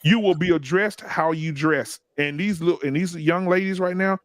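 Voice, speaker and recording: Middle-aged man, fairly high voice, dry close sound, blunt storyteller for casual podcast talk. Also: moderate pace, dry recording. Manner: blunt, profane, animated storytelling with acted quotes. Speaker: podcast co-host. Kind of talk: casual group chat, storytelling.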